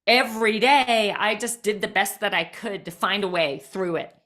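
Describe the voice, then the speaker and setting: Bright-voiced woman telling a story. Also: mid-range voice, normal speed. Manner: frequent "like" fillers, lively retelling. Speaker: podcast guest. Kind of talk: animated personal storytelling.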